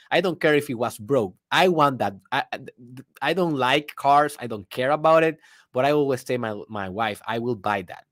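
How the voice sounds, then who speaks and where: Animated man with a Spanish-tinged delivery. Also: a little high, no room sound, clean studio sound. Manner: animated storytelling with laughter and non-native grammar. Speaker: podcast host. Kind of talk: casual motivational monologue.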